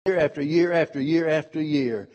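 A man's voice: on the high side, normal speed, a little mellow. A man preaching a sermon, emphatic, repeating key words and quoting scripture in old-fashioned wording.

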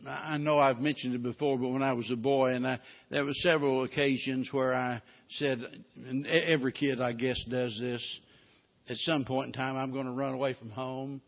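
Folksy preacher in a reverberant church. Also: male voice, medium pitch, fairly even intonation, moderate pace. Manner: folksy storytelling, rising to emphatic preaching. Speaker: pastor. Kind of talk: sermon. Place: church sanctuary. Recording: reverberant hall, muffled sound.

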